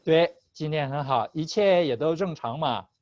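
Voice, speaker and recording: Over a video call whose audio sounds slightly dull, a man with a fairly high, lively voice teaches at a moderate pace with no room sound. He's patient with his online class, often laughing and moving between English and Chinese.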